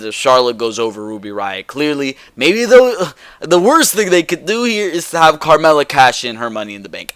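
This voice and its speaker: Smooth-voiced man, blunt excitable commentary. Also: mid-range voice, no room sound. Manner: blunt and excitable, casual swearing, says "bro". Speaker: wrestling show host. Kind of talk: casual predictions commentary.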